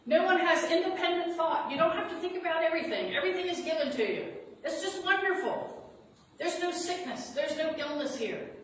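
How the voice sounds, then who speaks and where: A woman's voice: very high voice, expressive, fairly quick, a bit bright, voice pushed up. A woman voicing a sinister alien being that speaks through a man, gushing and coaxing in an over-sweet way. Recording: echoey hall from far off, noisy.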